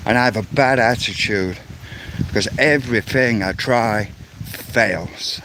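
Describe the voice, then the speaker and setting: A man's voice: fairly low pitch, measured pace, background noise. A man giving an angry, insistent vlog rant, often repeating words as he goes. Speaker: vlogger. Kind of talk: ranting vlog monologue.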